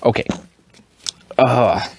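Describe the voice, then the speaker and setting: A tipsy man rambling casually in a show-and-tell vlog, swearing and wandering up and down in pitch. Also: drawn-out words, noisy background. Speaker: fountain pen vlogger.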